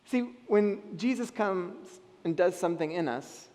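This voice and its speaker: Animated man preaching in reverberant hall. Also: high-pitched, a little slow. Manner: animated, acts out voices of people in the story. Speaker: pastor. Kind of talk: sermon. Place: church hall.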